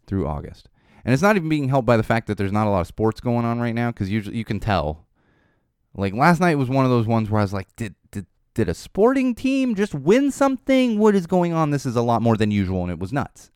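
Animated man hosting a podcast. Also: lowish voice, clean tone, no echo, clean studio sound. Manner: animated, laughs often, swears casually. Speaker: podcast host. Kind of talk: casual monologue.

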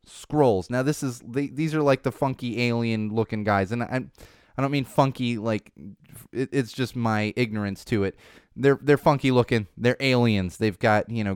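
A man's voice: medium pitch, a little mellow, clear, resonant tone, no room sound. A man hosting a casual entertainment news chat in a studio, rambling and correcting himself, with sarcastic asides. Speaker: podcast host. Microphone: studio microphone.

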